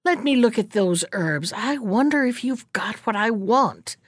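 Storybook: sly spiteful old hag, croaky and muttering, a woman voicing her. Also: fairly high pitch, lively intonation, measured pace, no room sound, clean studio sound. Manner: muttering, mocking.

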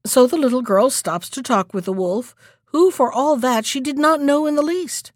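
A woman narrating a fairy tale aloud in an expressive, dramatic storytelling manner. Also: high voice, normal speed, dry recording, clean studio sound. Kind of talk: storybook reading.

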